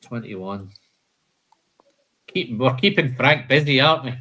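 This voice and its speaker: A man's voice: mid-range voice, lively intonation, measured pace, sharp tone. A man hosting a live whisky tasting, listing flavour notes and chatting casually, calling people "man" and "mate".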